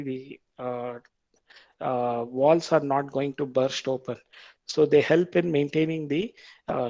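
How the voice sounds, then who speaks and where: A man with an Indian English accent lecturing on biology, reading quiz questions aloud, repeating them slowly and explaining the answers patiently. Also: a little high, vocal fry, darkish tone, no room sound. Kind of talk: quiz-style classroom lecture.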